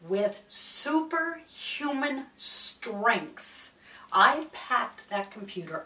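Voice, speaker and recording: Woman, spiritual speaker, reflective personal storytelling, animated, mid pitch, echoey room, distant mic. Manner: animated, laughs through her story.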